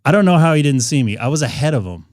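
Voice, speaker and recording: A man's voice: on the high side, very animated, very fast, a little mellow, no echo, studio quality. A man hosting a ham radio live stream, talking casually and rambling with frequent fillers and restarts.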